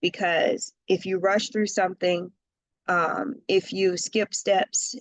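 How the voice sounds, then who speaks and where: A woman's voice: lowish voice, level tone, takes it slowly, no room sound, low-quality recording. A woman giving a casual tarot reading, chatty and slangy, laughing often and talking straight to the viewer. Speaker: tarot reader.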